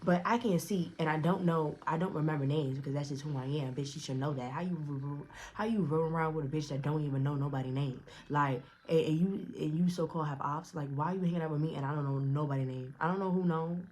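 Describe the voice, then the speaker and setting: Blunt, animated young woman telling a story. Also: deep voice, quick pace, few pauses, a little hiss or hum. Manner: blunt, profane, animated with frequent restarts. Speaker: storyteller vlogger. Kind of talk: casual storytime.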